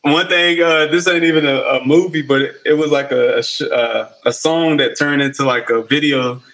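A man's voice: a little high, steady tone, normal speed, fairly bright tone, rough recording. A man in a casual chat, loose and slangy, laughing as he tells stories.

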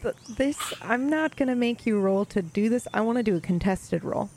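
Brief: woman game master with a gravelly edge, relaxed casual narration, faint background noise. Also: on the high side, moderate pace. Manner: casual, swears freely, laughs.

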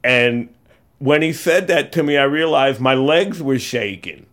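An older man from California telling a personal story, halting and reflective, with pauses and fillers. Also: mid-range voice, fairly bright tone. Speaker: eyewitness storyteller. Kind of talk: personal story told in interview.

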